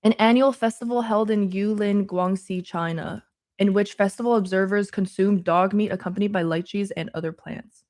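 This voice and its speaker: A woman's voice: medium pitch, fairly even intonation, moderate pace, a little mellow. Laughing, cursing woman streamer. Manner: swears often, laughs easily, thinks aloud. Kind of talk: casual chat while studying.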